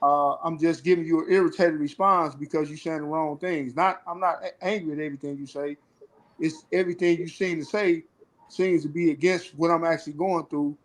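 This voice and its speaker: A man's voice: on the high side, steady tone, fairly quick, rough recording. A man speaking candidly on a panel, earnestly explaining how he felt on prison phone calls. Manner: earnest, acts out phone talk. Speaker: formerly incarcerated panel guest.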